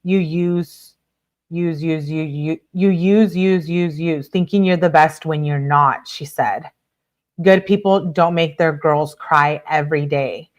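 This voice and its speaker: A woman with a low voice reads a string of text messages aloud for her channel and stops to comment on them. She speaks emphatically and swaps swear words for softened stand-ins. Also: fairly even intonation, slow, lo-fi sound. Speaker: true crime commentator.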